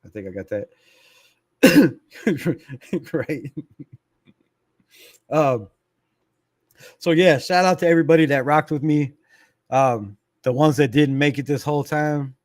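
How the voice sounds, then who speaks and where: A middle-aged man hosts a fan livestream, chatting loosely and reading viewer comments out loud. He laughs easily and curses without a second thought. His voice sits a bit high for a man, and the sound is close and dry with no room around it. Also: unhurried, pauses often, no room sound. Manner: laid-back, reads viewer comments aloud, laughs often, swears. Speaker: fan channel livestream host. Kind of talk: casual livestream chat.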